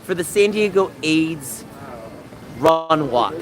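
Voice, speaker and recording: A man livestreaming from outdoors, talking to chat in an animated, mocking, sarcastic way. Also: fairly high pitch, takes it slowly. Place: outdoors in a busy public area. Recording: outdoor street noise with passing vehicles.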